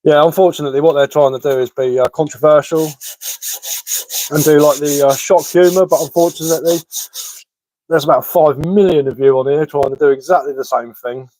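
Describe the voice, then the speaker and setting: Cheery Sussex-accented man, slightly high voice, close and dry, loose chatty slang talk. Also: steady tone, fairly quick, mellow, no room sound, rough recording. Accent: Sussex English. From England. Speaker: live streamer of bushcraft and woodwork. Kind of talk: casual live chat answering comments.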